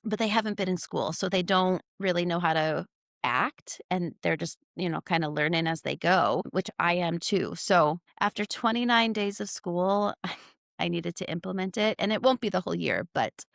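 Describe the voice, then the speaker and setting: A woman, a kindergarten teacher and podcast co-host, chatting casually and telling animated stories with quoted lines and frequent laughs. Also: lowish voice, normal speed, gravelly, no room sound, studio quality. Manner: animated storytelling, acts out quotes. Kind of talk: casual chat.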